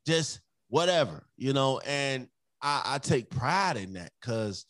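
A man speaking at an unhurried, deliberate pace in a casual podcast conversation, with a medium-pitched voice. He leans on repetition for emphasis and sometimes slips into his children's voices. The sound is dry and close, with no room echo. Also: lively intonation, fairly bright tone. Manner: emphatic, repeats phrases, acts out his kids' voices. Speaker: podcast co-host.

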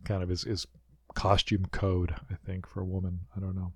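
A man co-hosting a podcast, chatting in a rambling, animated way as he recaps a show. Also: low-pitched, normal speed, slightly rough, dry recording. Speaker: podcast co-host. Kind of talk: casual recap chat.

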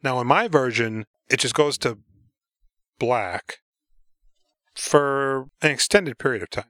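A man talks through a film in a relaxed podcast chat. His voice sits in a middle range, and he keeps slipping into the characters' lines. The sound is dry and close. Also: medium pitch, slow, dry recording. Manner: retells scenes acting out lines, profane and offhand. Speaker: podcast co-host. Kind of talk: casual movie chat.

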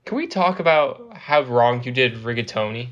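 Man, podcast co-host, mock outrage, joking banter, mid pitch. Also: expressive, normal speed, a bit bright, muffled recording. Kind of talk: casual banter.

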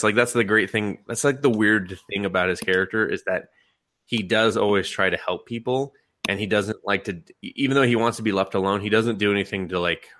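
Animated laughing man, bright edgy voice. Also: low voice, dry recording, studio quality. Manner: animated retelling with laughs and swearing. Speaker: podcast co-host. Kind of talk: casual chat.

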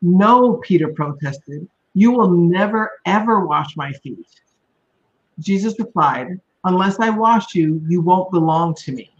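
Scripture reader, woman, steady, dull lo-fi recording. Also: on the low side, a little slow. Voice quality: steady, plain reading. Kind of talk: reading scripture aloud. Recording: dull, lo-fi sound.

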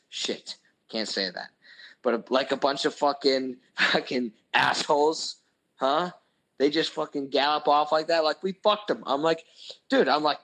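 A young man with a fairly high voice tells a rambling story in casual chat. He swears constantly and gets worked up as he acts out his own anger. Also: moderate pace, a bit bright, low-quality recording. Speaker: podcast host telling a story.

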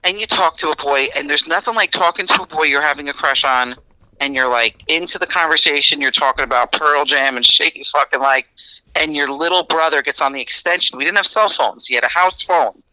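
A woman's voice: sits low, fairly quick, pushed and bright, dry recording, low-quality recording. A middle-aged woman talking as a podcast guest, blunt and sarcastic, swearing freely in casual chat.

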